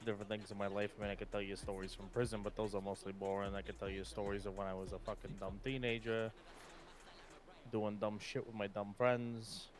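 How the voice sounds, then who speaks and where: A man playing a laid-back ex-convict who rambles through dark jokes and dad jokes, stumbling over his words in live role-play. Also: fairly low pitch, monotone, brisk, lightly acted. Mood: joking. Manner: rambling, stumbling joke-teller.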